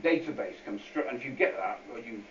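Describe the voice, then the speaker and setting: A man with an expressive, medium-pitched voice talks fairly quickly as an unscripted guest speaker at a public meeting, with a crowd audible behind him. He is informal and rambling, repeating himself and adding many asides. The sound from the meeting hall is distant, echoey and dull, with a faint hiss.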